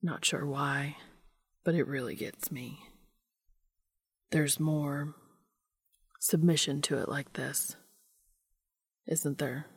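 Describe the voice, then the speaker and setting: A woman voicing a teasing, dominant young man who speaks in a low murmured whisper. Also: fairly even intonation, normal speed, creaky, hardly any pauses, dry recording, studio quality. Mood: intimate whisper.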